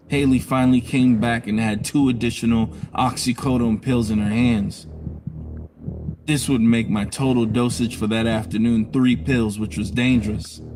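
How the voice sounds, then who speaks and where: A man telling his own story on a live stream in a candid, emotional way, blunt and profane at times. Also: mid-range voice.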